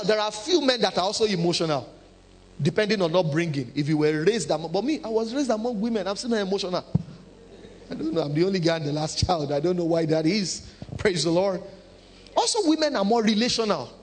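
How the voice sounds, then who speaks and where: A man preaching a sermon, animated and humorous, acting out quotes. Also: sits high. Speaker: pastor.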